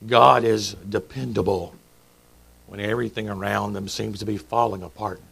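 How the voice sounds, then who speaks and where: A man's voice: lowish voice, steady tone, moderate pace, creaky, a bit bright, breathy edge, poor audio. A middle-aged man preaching a sermon in a church, chatty and joking, quizzing the congregation. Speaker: pastor. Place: church sanctuary.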